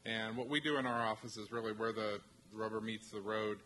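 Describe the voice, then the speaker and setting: A man from a university technology transfer office presenting to faculty, halting, with many restarts and fillers. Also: on the low side, fairly even intonation, a bit bright, a little hiss or hum, poor audio.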